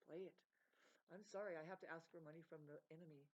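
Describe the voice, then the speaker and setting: A woman's voice: lowish voice, fairly even intonation, moderate pace, a little mellow, lo-fi sound. A woman giving an unscripted, rambling rant to camera, emphatic and full of swearing and digressions. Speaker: vlogger.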